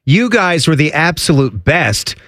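A man on a sports talk show, chatting casually and laughing easily. His voice sits on the higher side for a man, and the mic is close and dry with no room sound. He jokes around and tosses in quick asides. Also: very animated, fairly bright tone, dry recording. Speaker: sports radio co-host.

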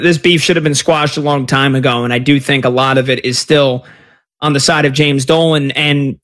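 A male sports radio host who talks in a lively, conversational way. His voice sits a little higher than most men's. He moves easily between callers and his own stories.

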